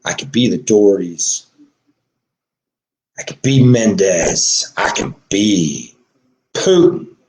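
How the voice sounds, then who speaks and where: A man delivering an emotional monologue, agitated and swearing, swinging from low mutters to shouting. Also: expressive, slow pace, long pauses. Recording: echoey room.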